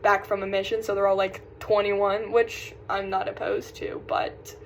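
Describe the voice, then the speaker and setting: A woman's voice: medium pitch, little pitch movement, normal speed, a little hiss or hum, rough recording. Rambling young Southern woman vlogging. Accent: Southern American. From South Carolina. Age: young adult. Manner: rambling, distracted, sighing. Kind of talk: casual chat.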